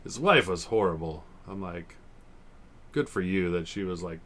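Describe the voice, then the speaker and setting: With a deep, slightly bright voice and lively intonation at a normal speed, a man in his forties hosts a podcast on old TV episodes. He rambles casually, swears, and often breaks into laughter.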